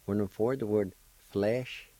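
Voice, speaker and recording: Slow, deep-voiced man teaching syllables. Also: steady tone, dark tone, dry recording, rough recording. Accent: Cherokee-speaking Oklahoma. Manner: slow, deliberate, spelling out syllables; encouraging. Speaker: language teacher. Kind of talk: radio language lesson.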